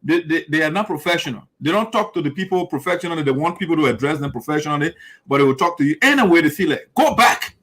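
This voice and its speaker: A man's voice: on the high side, rapid-fire, a bit bright, poor audio. A man hosting heated political commentary, emphatic and repetitive, often mimicking his opponents' lines. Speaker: show host.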